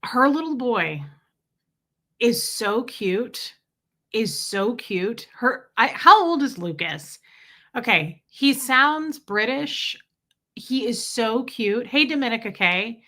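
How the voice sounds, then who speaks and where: A woman hosts a casual livestream, reading out viewer names and drifting into rambling stories. Her voice is bright and forward and sits a little high. It jumps up for greetings and sinks low and quiet for side comments. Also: animated, slow pace. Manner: chatty, warm toward viewers, rambling asides. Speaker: livestream host.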